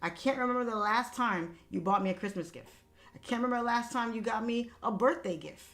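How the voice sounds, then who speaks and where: A woman's voice: a little high, fairly quick, fairly bright tone. A young woman livestream host telling a personal family story in casual talk, candid and emphatic, swearing freely. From Haitian family background.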